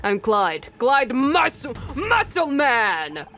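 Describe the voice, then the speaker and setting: A woman voicing a gruff male boat captain with a loose made-up accent. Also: high voice, sing-song, takes it slowly, sharp tone, soft background music, exaggerated voice. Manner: gruff, put-on random accent.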